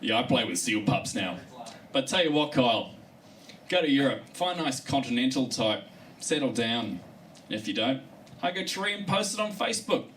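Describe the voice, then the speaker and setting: A man's voice: medium pitch, sing-song, moderate pace, a bit bright. Figure: a man doing a cocky bull kelp plant. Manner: brash slang. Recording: distant mic, room noise. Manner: cocky, laid-back slang.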